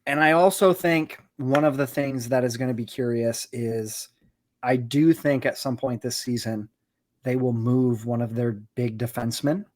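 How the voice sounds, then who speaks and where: A man co-hosting a podcast, giving steady, analytical hockey talk with frequent "you know"s. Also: medium pitch, normal speed. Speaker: podcast co-host. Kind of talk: casual hockey chat.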